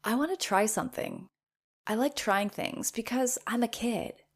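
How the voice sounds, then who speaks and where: An eager little girl calls out to be watched, as a woman puts her on. The voice is pitched up and excited, and it sits louder than the woman's own speech. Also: moderate pace. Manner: excited, pleading.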